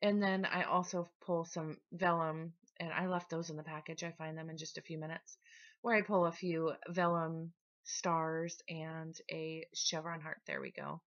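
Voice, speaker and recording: A woman talking casually through her scrapbooking process in a relaxed, chatty voice-over. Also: deep voice, normal speed, dull audio. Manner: chatty, relaxed, with small restarts. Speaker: scrapbooking vlogger.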